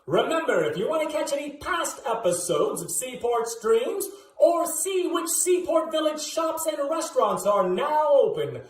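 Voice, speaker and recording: A man's voice: very high voice, big pitch swings, measured pace, roomy sound, slight background noise. A man hosting the show, signing off in a friendly, sing-song announcing style. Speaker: host. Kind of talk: show sign-off.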